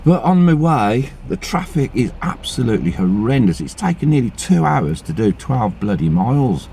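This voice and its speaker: A man's voice: mid-range voice, very animated, moderate pace, vocal fry, dark tone, a little hiss or hum. A middle-aged man, chatting to camera from inside his car in a chatty, grumbling, sweary way. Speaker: vlogger. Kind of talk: casual chat to camera. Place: inside a car on a rainy day. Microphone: phone camera.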